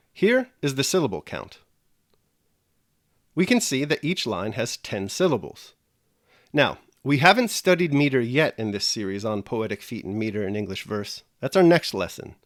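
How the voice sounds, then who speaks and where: A man teaching a scripted video lesson in a lively voice that climbs and dips a lot. He explains each step in a measured way and speaks right to the viewers. The recording is dry and close, with no room sound. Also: mid-range voice, dry recording.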